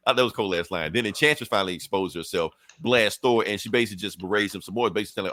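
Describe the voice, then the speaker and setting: A man co-hosting a podcast, casually recapping a comic with animated, profane retellings. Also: on the low side, rapid-fire, dry recording. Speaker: podcast co-host.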